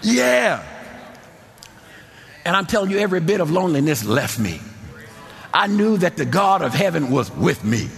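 A middle-aged man preaching a sermon in a church, impassioned, repeating phrases and shouting at the peaks. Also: a little high, big pitch swings, normal speed, creaky, long pauses. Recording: long hall reverb.

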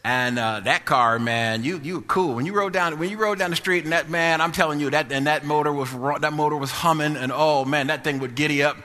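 A man preaching his testimony, his voice bright and a little raised in pitch. He talks emphatically, repeating lines and building them into sung-out crescendos. A long hall reverb hangs behind every phrase. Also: fairly quick, hardly any pauses. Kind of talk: sermon testimony.

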